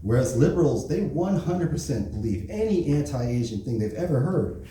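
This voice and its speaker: A man working an open mic stand-up set, casual and profane, tagging his jokes with "right?" and "you know?". His voice is dark and mellow, and his pitch moves in lively swings. He is heard from a little distance in a boomy, echoing club room with faint noise behind him. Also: normal speed. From Korean heritage. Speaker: stand-up comedian.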